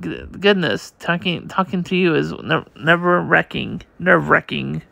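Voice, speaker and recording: A man reads a comic aloud in a bright, very gravelly voice. He goes slowly and stumbles, restarting words, and the sound is dry and close. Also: fairly high pitch, expressive, no room sound. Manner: halting, slow reading with many restarts. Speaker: comic reader.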